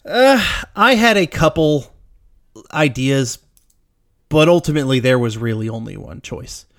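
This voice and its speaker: A man's voice: medium pitch, lively intonation, unhurried, no echo, studio quality. Upbeat man talking casually. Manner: enthusiastic, laughs easily, restarts sentences. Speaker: podcast co-host. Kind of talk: casual chat.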